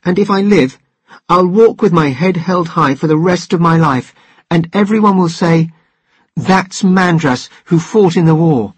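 A man reading the part of a passionate young island man heading to war, speaking in proud, dramatic declarations with a husky voice. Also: high voice, unhurried, no echo. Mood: proud, defiant.

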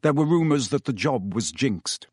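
A man narrating a story in a measured storytelling voice. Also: mid-range voice, expressive, husky, dry recording, studio quality. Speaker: audiobook narrator. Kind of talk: scripted narration.

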